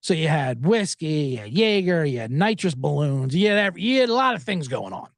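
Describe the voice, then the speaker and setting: A man hosts a podcast, rambling through a profane story. His voice sits high and swings widely in pitch. The close mic sounds dry, with no room echo. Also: big pitch swings, fairly quick. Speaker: podcast host. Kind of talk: casual storytelling monologue.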